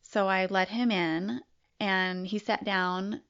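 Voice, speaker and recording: Woman guest telling her own story, slow and reflective, on a dull lo-fi recording. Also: medium pitch, steady tone, a bit bright, smooth. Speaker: interview guest. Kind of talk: personal story in an interview.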